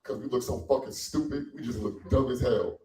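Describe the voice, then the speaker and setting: Animated man doing stand-up, echoey and distant. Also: mid-range voice, a little fast, slight background noise. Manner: animated, acts out quoted voices, loose and profane. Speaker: stand-up comedian. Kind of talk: stand-up comedy set. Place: small cafe stage. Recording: echoey room from far off.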